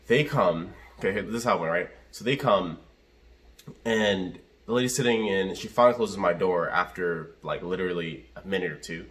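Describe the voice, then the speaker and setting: A man's voice: sits low, moderate pace, fairly bright tone. A man recounting a rideshare trip in casual, rambling talk from inside his car, repeating himself and using many fillers. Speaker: rideshare driver and vlogger. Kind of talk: casual storytelling to camera.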